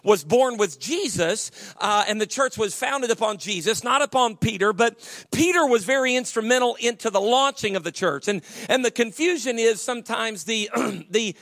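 A man's voice: very high voice, moderate pace, fairly bright tone. A male pastor preaching a sermon with folksy humor and many stammering restarts.

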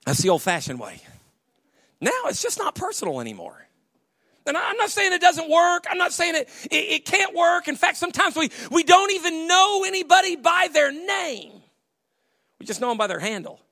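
A man preaching as a pastor, telling humorous stories and loudly acting out the voices of people he quotes. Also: extremely high pitch, moderate pace, no room sound, studio quality. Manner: animated storyteller, acts out quoted voices loudly.

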